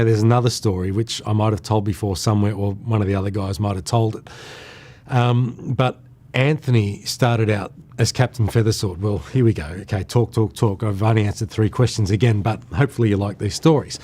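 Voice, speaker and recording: A man's voice: fairly low pitch, a little mellow. A middle-aged Australian man casually reminiscing about his years as an entertainer, chatty and rambling, often chuckling as he tells stories. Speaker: entertainer recalling his career.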